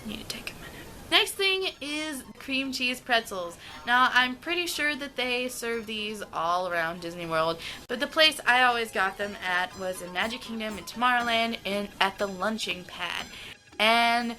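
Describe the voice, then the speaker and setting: In this rough recording with soft background music, a young American vlogger raves about the foods she loves, stretching her words out with gushing enthusiasm. Her voice sits a little high and has a sharp edge. She is a young adult from the United States chatting casually.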